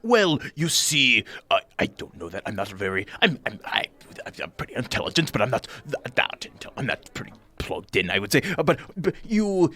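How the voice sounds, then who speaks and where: A man voicing a nervous, very small, bald gentleman with a mustache who stammers and rambles politely. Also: medium pitch, very animated, normal speed, few pauses, pitched above the performer's own voice. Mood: flustered.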